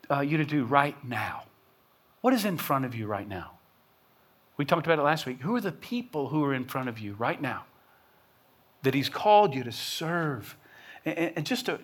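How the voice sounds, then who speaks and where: A man's voice: on the high side, a bit bright. A middle-aged man preaching a sermon as pastor, earnest and building to impassioned emphasis, often restarting words as he pushes a point.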